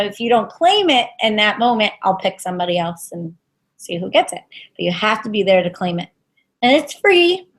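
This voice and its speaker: A woman giving an intuitive tarot reading on a web show, soft and halting, with many fillers. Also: a little high. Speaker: tarot reader.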